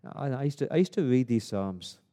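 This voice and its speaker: A man preaching a sermon as pastor, rising to emphatic lists of praise and easing into quiet prayer. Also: medium pitch, lively intonation, brisk. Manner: builds to emphatic praise, then drops to a soft prayer.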